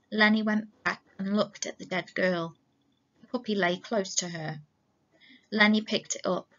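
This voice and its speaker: A woman English teacher talks through a recorded lesson in a slow, measured, explanatory way. Her voice is bright and clear, and the recording sounds dull and lo-fi. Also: mid-range voice, fairly even intonation. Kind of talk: recorded lesson, reading aloud.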